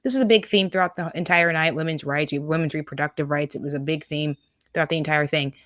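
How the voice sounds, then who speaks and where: A woman's voice: sits low, quick pace, fairly bright tone, no echo, studio quality. A woman hosting a political reaction show, scornful and sarcastic as she talks over clips. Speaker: political commentary host.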